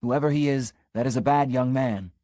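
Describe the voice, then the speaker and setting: In a studio-quality recording with no room sound, a man with a mid-range, brisk, slightly mellow voice that sounds close to everyday speech reads an audiobook character. He plays an earnest, scandalized middle-aged country constable giving an urgent, conspiratorial warning, dropping to a stage whisper.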